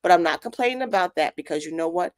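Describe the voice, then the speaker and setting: A woman co-hosts a casual radio chat in a fairly low voice. Her banter is playful and teasing. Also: lively intonation, fast talker, a little mellow. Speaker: radio co-host.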